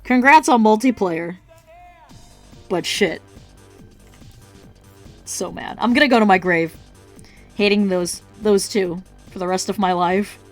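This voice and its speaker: A woman's voice: mid-range voice, takes it slowly, long pauses, soft background music. Salty, swearing woman ranting on stream. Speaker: art streamer. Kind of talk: casual chat while streaming.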